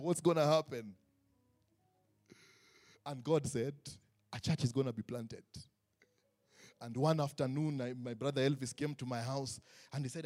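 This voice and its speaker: A man preaching a sermon in a church tent, joking and acting out the people he quotes. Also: medium pitch. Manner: animated, joking, acts out quotes. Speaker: pastor.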